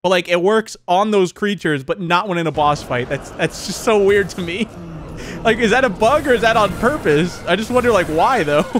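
A young man giving rambling, excitable commentary while playing a horror game. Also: high voice, normal speed, background noise. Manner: rambling, excitable, many fillers. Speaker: gaming channel host. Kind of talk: let's play commentary.

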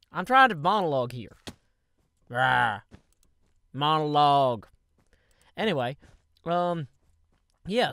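A man's voice: a little high, no echo. A man hosting a Minecraft video, giving casual gameplay commentary full of playful, rambling asides to his viewers.

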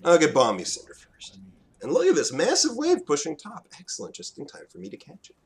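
A man talks through his own match in a casual, excitable way. His voice sits a little high and leaps around in pitch. He drops to mutters, then bursts into shouts. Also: fairly quick. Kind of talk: casual gameplay commentary.

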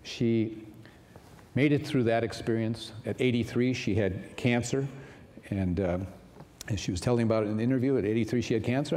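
A man preaching a sermon as pastor, unhurried and earnest, with frequent fillers. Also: mid-range voice, dark tone. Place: large church sanctuary. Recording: long hall reverb.

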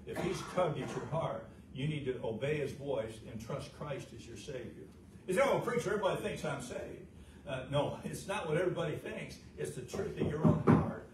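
A middle-aged man preaching a folksy, fervent sermon as pastor, swinging from loud, high peaks down to a low, quiet voice, with frequent "uh" fillers. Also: normal speed, far from the mic. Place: church sanctuary. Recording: roomy church sound from off the mic, noisy.

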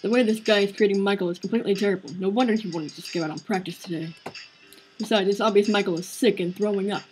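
A woman's voice: mid-range voice, fairly even intonation, fast, darkish tone, soft background music, rough recording. A woman streaming a visual novel, narrating its story aloud in an earnest, conversational way. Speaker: game streamer.

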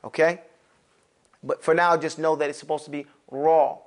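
A man teaching Arabic pronunciation to a class, demonstrating sounds with exaggerated mouth shapes in an animated way. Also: a little high, moderate pace. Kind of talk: classroom lesson. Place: classroom with students.

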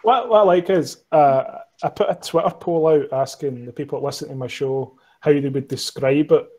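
Scottish guy, on the high side, loose and sweary, self-deprecating podcaster guest. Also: normal speed, darkish tone, low-quality recording. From Scotland. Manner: swears freely, laughs often, self-mocking storyteller. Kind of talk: casual chat.

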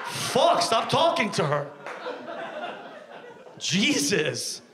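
Speaking very slowly in a high, sing-song voice, this comic rants and swears through his club set, doing voices and bantering with the live crowd.

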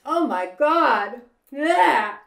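An actress playing a teasing seductive woman who talks slowly and sultrily, in a comedy horror film. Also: sits high, expressive, gravelly, a bit bright, full character voice. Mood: sultry, teasing. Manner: slow, sultry, teasing delivery. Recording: echoey room with music behind.

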